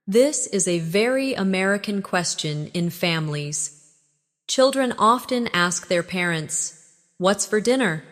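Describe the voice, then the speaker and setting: Slow woman doing an english lesson, reverby room, clear prompts to repeat. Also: medium pitch, lively intonation. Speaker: English teacher. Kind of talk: scripted language lesson.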